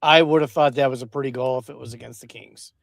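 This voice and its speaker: A man co-hosting a casual sports podcast, speaking in an earnest, measured way and hedging with fillers. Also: mid-range voice, fairly even intonation, creaky, no echo, clean studio sound. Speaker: podcast co-host.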